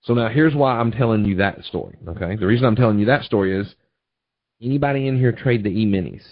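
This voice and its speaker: A man's voice: on the low side, fast talker, dry recording, lo-fi sound. A male trading educator giving a webinar, teaching through folksy stories with repeated check-ins. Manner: folksy storytelling, repetitive asides. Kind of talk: webinar presentation.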